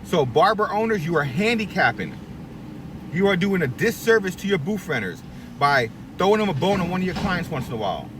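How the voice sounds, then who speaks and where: A middle-aged barbershop owner rants candidly to camera, giving other shop owners blunt, profane, preachy advice and acting out the people he quotes. His voice is high-pitched with big pitch swings and a brisk pace, captured by a distant mic with background noise.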